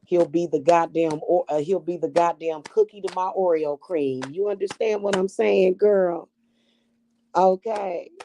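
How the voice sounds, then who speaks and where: A woman's voice: lowish voice, a little slow, vocal fry, mellow, a little hiss or hum. A woman talking casually to camera, brash and profane, about witchcraft and spirit work. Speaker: spiritual reader and vlogger.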